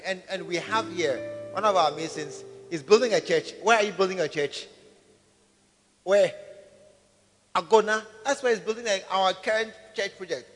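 High-voiced pastor preaching. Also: male voice. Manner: preaching with call-and-response, rising to shouts. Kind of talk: sermon. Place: large church hall. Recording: reverberant hall with faint music.

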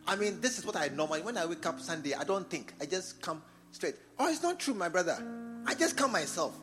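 A man with a Ghanaian English accent preaching a sermon in church, repeating phrases and swinging from quiet talk to loud exhortation. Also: high-pitched, big pitch swings, brisk, over music. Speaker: bishop preaching. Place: church service.

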